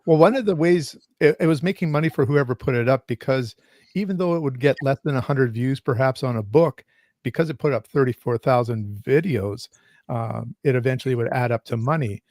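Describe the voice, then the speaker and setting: A man's voice: mid-range voice, a little fast, darkish tone, no room sound, studio quality. A man in casual chat about books, talking through ideas in a thoughtful, explaining way. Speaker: podcast co-host.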